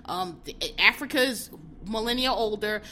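A woman's voice: medium pitch, moderate pace, sharp tone, a little hiss or hum. A woman hosting her podcast alone, talking bluntly and with animation straight to her listeners. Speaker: podcast host. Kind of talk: casual solo commentary.

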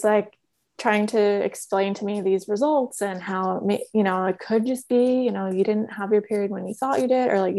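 A woman's voice: mid-range voice, vocal fry, a little mellow. A young adult woman on a community call, telling a personal story in a candid, conversational way with plenty of fillers. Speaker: podcast guest sharing a personal story.

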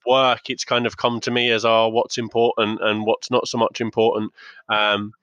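A man's voice: lowish voice, completely flat delivery, normal speed, fairly bright tone, no room sound. A man with a mixed English regional accent hosting a podcast, chatting casually and rambling a bit with fillers. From England. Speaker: podcast host. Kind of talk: casual chat. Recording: dry, dull lo-fi sound.

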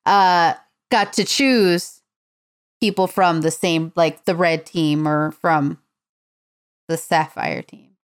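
A woman's voice: lowish voice, steady tone, takes it slowly, long pauses, smooth. A woman chatting casually on a podcast, gossipy, with lots of "like" and casual swearing. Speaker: podcast co-host. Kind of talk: casual chat about a reality show.

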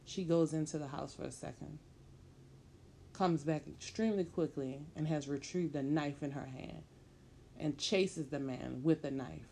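A woman telling a story in a measured, plain-spoken way, in the present tense. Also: sits low, vocal fry, dark tone, slight background noise.

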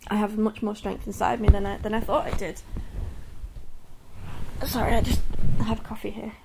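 A woman's voice: medium pitch, little pitch movement, normal speed, vocal fry, noisy background. A woman in her thirties speaking candidly and earnestly in a personal podcast monologue. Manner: candid and earnest, many restarts and soft laughs. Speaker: podcast host.

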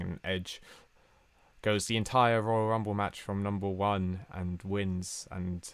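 A man's voice: low-pitched, little pitch movement, unhurried. A young man co-hosting a podcast, chatting casually, teasing and laughing often. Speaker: podcast co-host. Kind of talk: casual chat.

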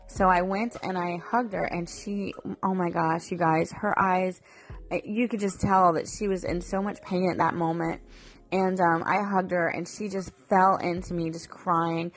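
A woman's voice: lowish voice, fairly even intonation, normal speed, faint music behind. A woman in her thirties telling a personal family story to her viewers, emotional and rambling, full of fillers and restarts. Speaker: mother vlogger.

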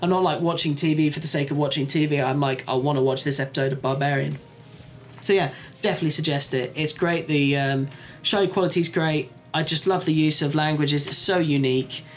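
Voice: medium pitch, steady tone, brisk. A podcast co-host in casual chat, enthusiastically recommending a show, swearing freely and using lots of fillers. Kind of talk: casual chat reviewing shows.

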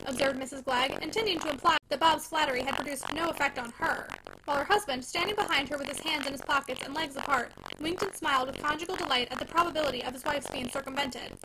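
A woman narrating a classic novel aloud with expressive storytelling. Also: high-pitched, fast, gravelly, hardly any pauses, noisy background. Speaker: audiobook narrator.

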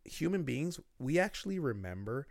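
Gravelly-voiced man telling stories. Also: mid-range voice, normal speed, dry recording, clean studio sound. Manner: storytelling, animated, laughs often. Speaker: guest, business mentor. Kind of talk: casual interview talk.

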